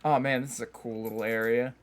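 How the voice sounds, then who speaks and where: A man's voice: mid-range voice, fairly even intonation, fairly quick. A man streaming a game live, talking casually and joking at himself with frequent laughs, keyboard typing behind him. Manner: chatty, self-mocking, laughs often.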